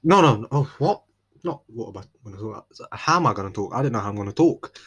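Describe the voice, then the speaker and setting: Young East London bloke, solo podcast host, husky and lowish voice, rambly, slangy, keeps restarting. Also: male voice, lively intonation, fast talker. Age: young adult. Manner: rambling, self-interrupting, laid-back slang. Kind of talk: solo casual chat.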